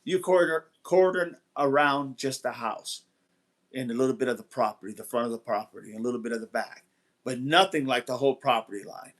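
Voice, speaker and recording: During a casual livestream, a man with a brisk, slightly bright mid-range voice rambles on and repeats himself. The host reads the chat and says hello to viewers.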